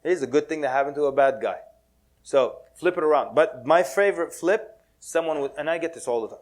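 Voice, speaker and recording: A man giving a lively, joking talk to an audience at a mosque, mixing in Arabic words and acting out quotes. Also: fairly high pitch, quick pace. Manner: animated, playful, drops Arabic words, laughs often. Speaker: Muslim speaker giving a talk.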